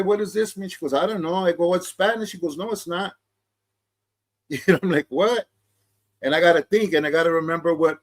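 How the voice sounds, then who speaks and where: A middle-aged man giving casual commentary, in laid-back street talk full of slang and restarts. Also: fairly high pitch. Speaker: vlogger reacting to a clip.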